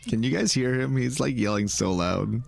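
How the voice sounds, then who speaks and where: A man thinking aloud and talking to his viewers in let's-play commentary, moving from calm planning to loud outcries. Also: mid-range voice, normal speed, vocal fry. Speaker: gaming video creator.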